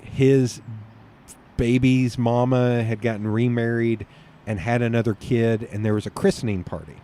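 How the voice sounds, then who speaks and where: A man's voice: mid-range voice, steady tone, moderate pace, dark tone. A man with a Southern US accent, a podcast guest rambling through stories in casual chat and laughing often.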